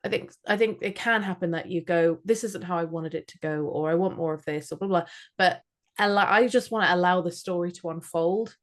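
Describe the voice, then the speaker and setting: Woman in her thirties from Scotland, casual podcast chat, lowish voice, laughs at herself. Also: brisk. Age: 30s. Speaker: podcast co-host.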